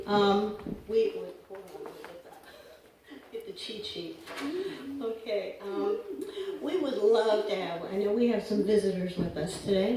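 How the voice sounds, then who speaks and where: A woman serving as congregation treasurer, welcoming visitors in a casual, hesitant way with many ums and little laughs. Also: mid-range voice. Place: church sanctuary. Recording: echoey hall from far off, background noise.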